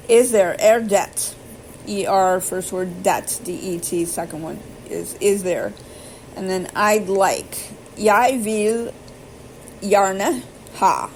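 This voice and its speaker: A woman vlogging casually, rambling and self-deprecating, who slowly sounds out and spells foreign phrases letter by letter. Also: on the low side, a little hiss or hum, low-quality recording. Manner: slow careful pronunciation attempts. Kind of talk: casual self-taught language practice.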